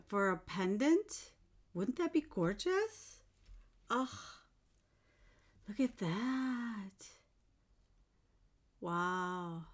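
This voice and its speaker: A woman vlogger chatting casually to her viewers while unboxing, gushing and exclaiming with delight, filmed in a bedroom at home. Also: mid-range voice. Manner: gushing, effusive, exclaims often. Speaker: jewelry-making vlogger. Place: home bedroom used as filming room.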